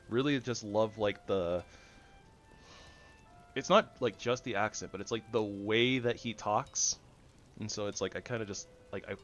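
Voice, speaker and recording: A man with a fairly low voice gives casual commentary while he plays, goofy and rambling. He swings from loud excited bursts to soft mumbling asides, with faint music playing behind him. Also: muffled recording. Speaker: gaming channel host.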